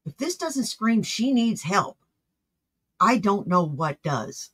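Husky-voiced commentator, blunt and exasperated reaction talk. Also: mid-range voice, very animated, slow, fairly bright tone.

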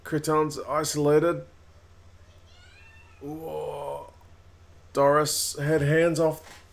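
A man with a New Zealand accent hosting a rugby watch-along, calling plays and chatting with viewers, getting quicker and higher at close calls. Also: gravelly. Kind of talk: live match commentary and chat.

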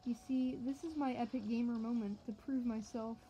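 A fairly high-voiced woman streams a fighting game, chattering and joking straight to her viewers. She gets excitable, shouting at enemies between casual asides, with a faint noise under her voice. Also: moderate pace, low-quality recording. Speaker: gaming channel host. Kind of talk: let's-play commentary.

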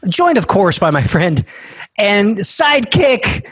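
A man in his fifties hosting a podcast over a video call, chatting casually and joking in an animated, exclamatory way. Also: sits high, slow, a little hiss or hum. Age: 50s. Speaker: podcast host. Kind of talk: casual interview chat.

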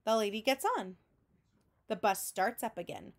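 A woman teacher reads a picture book aloud to children, slow and clear in a storytelling style. Between lines of narration she makes sound effects with her voice, which is mid-range.

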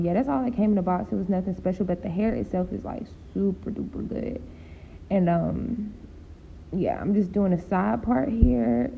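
A woman's voice: phone-quality sound, slight background noise. A tired woman chatting casually in a voice-over for her beauty vlog, laid-back and sleepy. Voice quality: deep gravelly voice. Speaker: beauty vlogger. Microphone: home voice-over mic.

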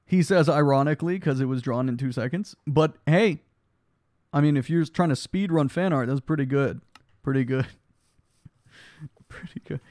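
A man's voice: a little high, measured pace, pauses often, a little mellow, dry recording, clean studio sound. A young man streaming a block game live, chatting casually and reading his chat aloud, tired from lack of sleep. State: sleep deprived, yawning.

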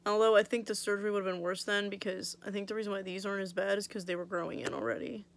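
Gravelly, chatty young woman. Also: medium pitch, flat delivery, rapid-fire. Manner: chatty, blunt, swears freely, lots of "like". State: recovering from oral surgery, swollen mouth. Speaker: vlogger. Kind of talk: casual storytelling vlog.

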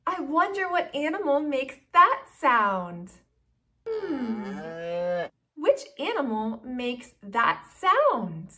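A woman hosting a toddler learning video, speaking slowly and sounding out words in an exaggerated teaching manner. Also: high voice, sing-song, pushed and bright. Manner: slow, exaggerated, sing-song teaching to toddlers. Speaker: children's educational video host. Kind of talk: toddler speech lesson.

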